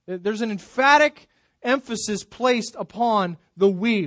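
Pastor, male, higher voice, sermon delivery, loud build-ups that sink to quiet endings, dry close sound. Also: slow, no room sound. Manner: emphatic preaching, swells loud then drops soft.

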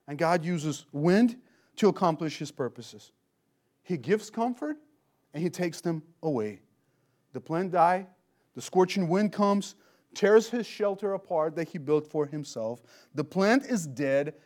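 A man preaching an expository sermon, animated and emphatic, using rhetorical questions. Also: on the high side.

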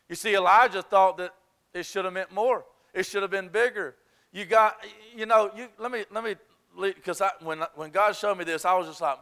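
A male pastor preaching in an emphatic, conversational way, at times confessional. His voice sits high and sounds sharp and bright. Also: normal speed, clear, resonant tone. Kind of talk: sermon.

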